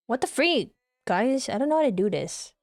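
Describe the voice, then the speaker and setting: A woman's voice: on the high side, big pitch swings, normal speed, no room sound, clean studio sound. A young woman streaming casually, giggly and tender, who swears offhandedly. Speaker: VTuber streamer.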